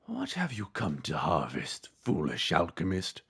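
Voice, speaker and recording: A man doing a slow menacing reaper villain. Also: huge pitch swings, gravelly, a bit bright, breathy edge, full character voice. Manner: slow, low, solemn and menacing. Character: cold brooding male reaper knight villain. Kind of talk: reading game dialogue aloud.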